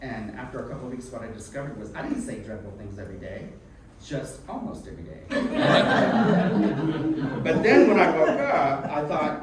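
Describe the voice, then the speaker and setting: A man telling a personal story to a live audience in an animated, self-mocking and frank way, swearing freely. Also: medium pitch, moderate pace. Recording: echoey room from a distant mic with background noise.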